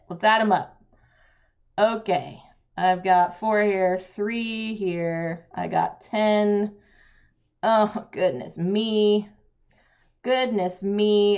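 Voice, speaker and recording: A woman's voice: medium pitch, dull audio. A woman, chatting with viewers while playing a roll-and-write game on a live stream, laughing often.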